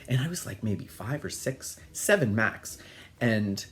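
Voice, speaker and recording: A man's voice: on the low side, animated, a little slow, a bit bright, soft background music. A man telling a personal childhood story in a casual, chatty, digressive way. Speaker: storyteller, host.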